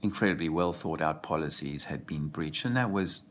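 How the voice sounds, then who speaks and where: A man's voice: a bass voice, normal speed, a little hiss or hum. A man talking in a rambling casual monologue as an activist video host, often losing his thread.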